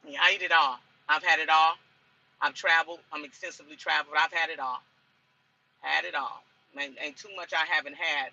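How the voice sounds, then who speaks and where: Forceful, husky woman truck driver vlogging. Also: low-pitched, fairly even intonation, fairly quick, lo-fi sound. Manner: chatty and rambling, repeats herself. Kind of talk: casual cooking vlog chat. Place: inside a truck cab.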